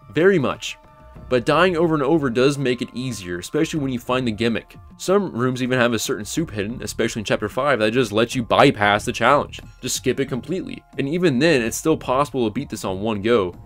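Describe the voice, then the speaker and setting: A young man talks through a game analysis in a casual, blunt way, at a pitch that sits in the middle for a man. Faint music plays quietly behind his voice. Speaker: gaming YouTuber. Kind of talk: casual game analysis narration with live play reactions.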